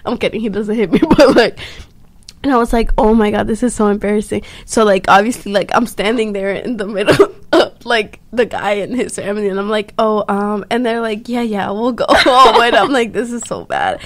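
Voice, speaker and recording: A young woman in casual chat, animated and saying "like" a lot as she tells a story. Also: medium pitch, brisk. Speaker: co-host telling stories.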